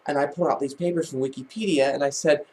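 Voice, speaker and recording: A man's voice: fairly high pitch, steady tone, quick pace, a little mellow. A man vlogging, telling a personal family story in a casual, rambling way, with many restarts and false starts.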